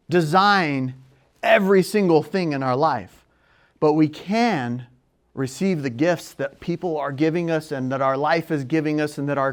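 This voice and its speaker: A young man telling a personal story, moving from hushed and quiet to loud and excited. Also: a little high. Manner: quiet and hushed in places, then loud and excited, acting out shouts.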